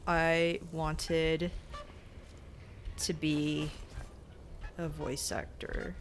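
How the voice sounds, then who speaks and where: A young adult woman streaming a game, chatting casually in a rambling, self-conscious, giggly way. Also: lowish voice. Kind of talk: casual gaming stream chat.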